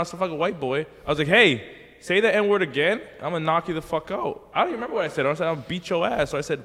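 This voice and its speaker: A man in a casual podcast chat, lively and laughing as he swears and acts out a street confrontation. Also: a little high, in a large hall.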